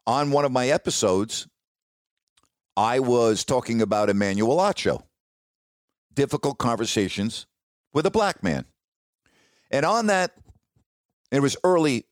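A man's voice: mid-range voice, no echo. Rambling male storyteller, dry sound. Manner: rambling, self-interrupting, quotes others in dialogue. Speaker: former sportscaster, podcast host. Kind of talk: casual storytelling monologue.

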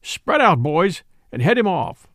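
Male narrator voicing a growling, short-tempered cowboy wrangler in a western audiobook, gravelly. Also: high-pitched, sing-song, a little slow, fairly bright tone, dry recording, studio quality, exaggerated voice. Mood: gruff. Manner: growling, commanding. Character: gruff male horse wrangler, quick-tempered.

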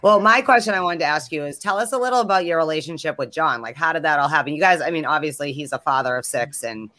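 A woman's voice: low voice, fast, pushed and bright. A woman co-hosting a podcast with an Eastern Massachusetts accent, asking direct, teasing questions. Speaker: podcast co-host. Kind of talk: casual interview chat.

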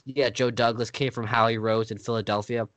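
A man's voice: medium pitch, flat delivery, a little fast, a bit bright, no room sound. A man co-hosting a podcast in casual sports chat, making his points emphatically and firmly. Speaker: podcast co-host.

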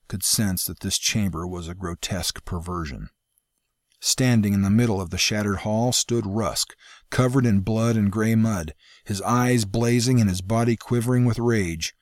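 Low-voiced man narrating dramatically. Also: darkish tone, no room sound, clean studio sound. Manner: dramatic, measured storytelling. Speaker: audiobook narrator. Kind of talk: scripted fantasy narration.

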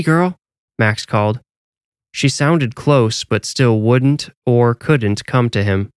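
A man narrating a scripted horror story in a measured, even storytelling way. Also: mid-range voice, clean tone, no room sound, clean studio sound.

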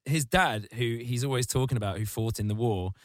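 Animated ranting man, dry close mic. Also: a little fast, no room sound. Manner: animated ranting, mocking voices in sudden high squeals. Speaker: podcast host. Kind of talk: casual comedic podcast chat.

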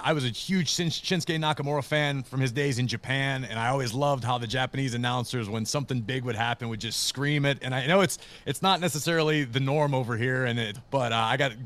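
Brief: man in his thirties, self-deprecating guest storyteller, mid-range voice, lively quoted voices. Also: mid-range voice, fast, hardly any pauses. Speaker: wrestling commentator, guest. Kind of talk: casual interview storytelling.

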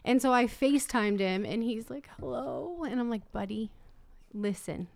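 A woman's voice: on the high side, moderate pace, gravelly. A woman in her thirties, a mother chatting casually, telling a story and quoting herself. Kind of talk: casual chat.

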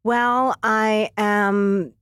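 A woman's voice: medium pitch, level tone, very slow, fairly bright tone, clear, resonant tone, no room sound, studio quality. A middle-aged woman chatting as a podcast guest, rambling a little with fillers and restarts. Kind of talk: casual chat. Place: studio.

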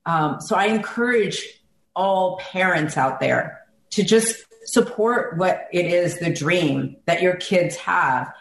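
Heartfelt middle-aged woman, echoey room. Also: on the low side. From South Carolina, USA. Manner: heartfelt, reminiscing, gets emotional. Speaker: guest, singer and ring announcer. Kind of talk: conversational interview. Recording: echoey room, faint background noise.

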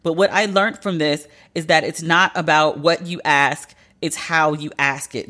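A woman hosting a podcast, giving candid, profane commentary with sharp swings of pitch for emphasis. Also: fairly even intonation, unhurried, hardly any pauses. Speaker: podcast host. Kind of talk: casual commentary monologue.

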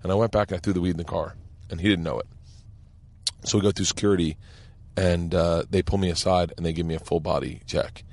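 A man's voice: low-pitched, fairly even intonation, fast talker. A man with an American accent hosting a podcast, telling rambling stories in casual chat and laughing often. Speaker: podcast host. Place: car.

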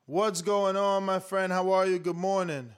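A man hosting a casual talk show, asking chatty, halting questions. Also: high-pitched, fairly even intonation, clear, resonant tone. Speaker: host. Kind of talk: casual interview.

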